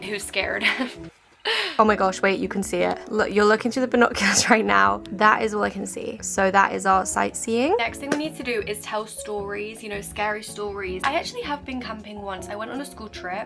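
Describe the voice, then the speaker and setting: A woman's voice: medium pitch, creaky. A young woman chatting casually to camera as a vlogger, self-mocking, clipping her swear words short. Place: her bedroom, indoors. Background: music playing elsewhere in the house.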